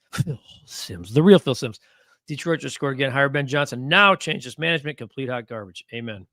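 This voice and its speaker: A man's voice: medium pitch, moderate pace, no room sound, studio quality. A man hosting a casual live sports talk stream, reading comments and getting heated as he rants. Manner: animated, gets heated and rants.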